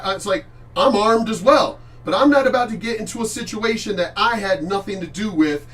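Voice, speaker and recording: A man's voice: sits high, brisk, hardly any pauses, fairly bright tone, far from the mic. A middle-aged man hosting a reaction channel, talking bluntly and profanely in rambling casual commentary. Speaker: channel host reacting to clips.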